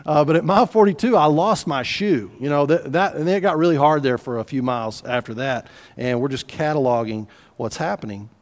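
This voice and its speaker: A man's voice: on the high side, brisk, big-room sound. A man preaching a sermon in a conversational, folksy way, with asides and restarts. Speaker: pastor.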